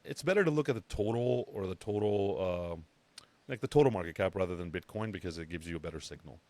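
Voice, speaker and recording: A man's voice: low-pitched, fast talker, dark tone, no echo. A man hosting a casual chart analysis talk in a brash, joking, conversational way. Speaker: crypto channel host.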